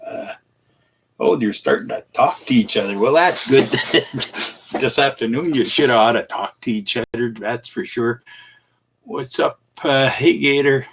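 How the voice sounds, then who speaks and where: A man's voice: mid-range voice, a bit bright, slight background noise. A middle-aged man hosting a casual live stream, chuckling often and tossing in "eh" as he greets viewers by name. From Canada. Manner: chuckling, folksy, halting with many "eh"s and fillers. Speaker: livestream host.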